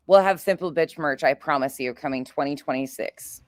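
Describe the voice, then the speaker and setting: A woman's voice: low voice, normal speed. A woman hosting a commentary stream, chatting casually and crudely, mocking others and laughing as she talks.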